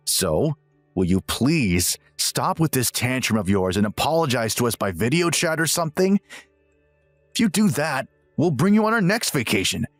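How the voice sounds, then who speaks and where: A man's voice: mid-range voice, no echo, lightly acted. A man voicing a smug, self-righteous young husband who lectures and sneers in a dramatized text-message story.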